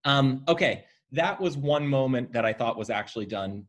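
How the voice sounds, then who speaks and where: A man co-hosting a film podcast, talking casually and haltingly, with many ums, about scenes he liked. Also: mid-range voice, expressive. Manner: hesitant, many ums, appreciative. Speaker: podcast co-host.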